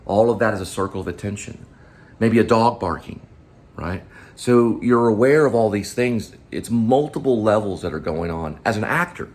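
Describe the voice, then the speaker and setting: A man vlogging about acting technique, rambling and asking the viewer quick questions. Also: on the low side, animated. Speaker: vlogger and actor teaching acting. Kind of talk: casual acting talk to camera.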